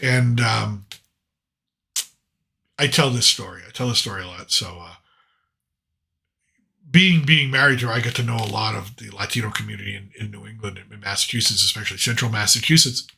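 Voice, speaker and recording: Bright-voiced American man telling stories. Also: on the low side, brisk, gravelly, long pauses. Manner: rambling anecdotal, frequent restarts and quoted dialogue. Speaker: podcast host. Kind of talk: casual storytelling chat.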